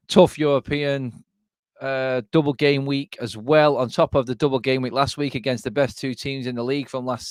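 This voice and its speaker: A man's voice: mid-range voice, smooth, no room sound, studio quality. A young English man co-hosting a casual football watchalong, blunt and sweary, laughing often. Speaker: co-host, rival fan.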